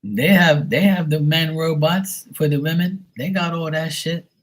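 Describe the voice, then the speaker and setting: Profane joking man with a husky voice. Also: on the high side, measured pace. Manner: profane, joking storyteller who laughs often. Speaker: livestream host. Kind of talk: casual live-stream chat.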